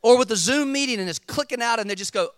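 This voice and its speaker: High, bright-voiced preaching man. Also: quick pace, no echo. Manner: animated, emphatic, acts out stories. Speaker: pastor. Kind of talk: sermon.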